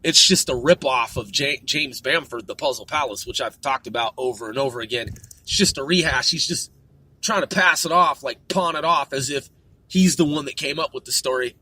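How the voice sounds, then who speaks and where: A man delivering a profane political rant, crude and full of swearing, filler words and "dude", swinging from muttering to shouting. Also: medium pitch, normal speed, a little hiss or hum. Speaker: political commentator.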